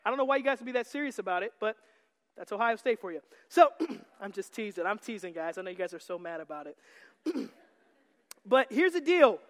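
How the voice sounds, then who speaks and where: High-voiced preacher man in a reverberant hall. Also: big pitch swings, a little fast. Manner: joking and teasing, rising to shouts. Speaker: pastor. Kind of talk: sermon. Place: church sanctuary.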